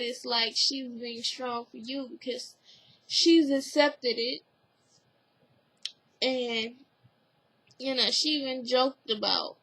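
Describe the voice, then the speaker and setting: Over a rough recording, a high-voiced, fairly bright woman slowly talks through a TV episode for her recap vlog. Her review is casual and rambling, packed with "like" and "you know," and she is earnest and emotionally open.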